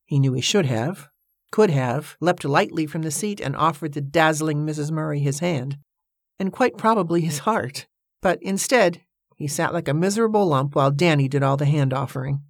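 Low-voiced woman narrating a novel. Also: moderate pace, no room sound, clean studio sound. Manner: steady storytelling. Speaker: audiobook narrator. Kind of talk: scripted narration.

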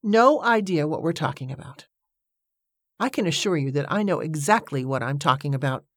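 A woman's voice: sits low, lively intonation, fast talker, no echo, clean studio sound. A woman reading an audiobook, voicing a haughty, indignant woman who leads an activist movement. She declaims in a pompous manner. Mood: indignant, declaiming.

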